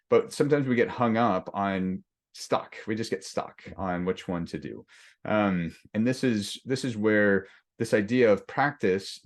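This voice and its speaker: A male leadership coach with a low voice talks through a workshop lesson. He is loose and conversational, restarting his sentences and acting out the griping voice in people's heads. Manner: conversational, acts out inner voices with many restarts.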